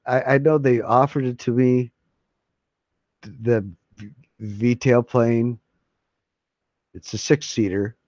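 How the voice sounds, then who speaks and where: A man's voice: medium pitch, fairly even intonation, slow pace, pauses often, darkish tone, no echo. A man live streaming, chatting casually to his viewers in a rambling, folksy way and swearing freely. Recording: dull lo-fi mic.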